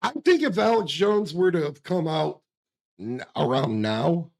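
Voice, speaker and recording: Gravelly, fairly high-voiced blunt man. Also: animated, unhurried, darkish tone. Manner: blunt, folksy, emphatic. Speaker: podcast co-host. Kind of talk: casual chat.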